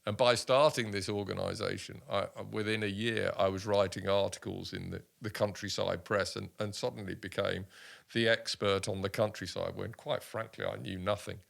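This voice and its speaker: A man in his sixties from the United Kingdom, an army veteran telling stories in an interview, animated and full of restarts. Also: fairly low pitch, moderate pace, creaky. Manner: animated anecdotes with many restarts and voiced quotes. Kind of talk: casual storytelling interview.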